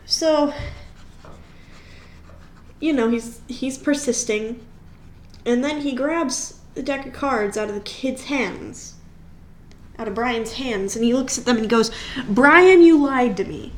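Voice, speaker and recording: A woman's voice: on the high side, steady tone, slow, pauses often. A woman hosting a casual storytime while coloring, chatty and rambling, often correcting herself mid-sentence. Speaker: channel host. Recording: roomy echo with faint hiss.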